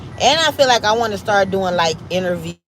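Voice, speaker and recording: Streaming from her home, a Midwestern host from Cleveland, Ohio, keeps things chatty and upbeat while encouraging viewers to subscribe to friends' channels. She has a mid-range voice with lively intonation and a fairly quick pace. The audio is poor, with a little hiss or hum.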